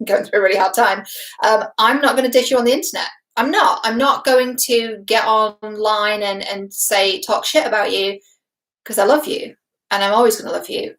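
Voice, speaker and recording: A young adult woman from Britain, a relationship expert giving a casual reaction vlog, chatty and emphatic, laughing often and swearing casually. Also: mid-range voice. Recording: roomy echo.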